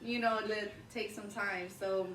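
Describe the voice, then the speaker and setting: A woman in her thirties, a vlog host, telling a personal story in casual, animated chat and often breaking into laughter. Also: medium pitch, measured pace, slight background noise. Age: 30s. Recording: roomy, distant mic, faint ambience.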